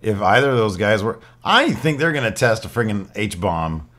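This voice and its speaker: A man's voice: lowish voice, very animated, normal speed, fairly bright tone. A man co-hosting a podcast, telling rambling stories in a laid-back, casual way. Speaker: podcast co-host. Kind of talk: casual chat.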